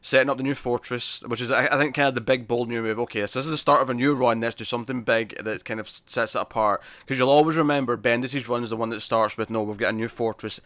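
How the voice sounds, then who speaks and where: A man's voice: mid-range voice, steady tone, fast, few pauses, a bit bright, no echo. A man with a British accent co-hosting a casual comic book review podcast, enthusiastic and quoting characters' lines as he talks. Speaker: podcast co-host.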